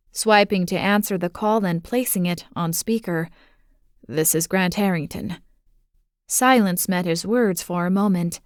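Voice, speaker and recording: Slow, measured woman narrating an audiobook. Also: medium pitch, clean tone, no room sound, studio quality. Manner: measured, steady storytelling.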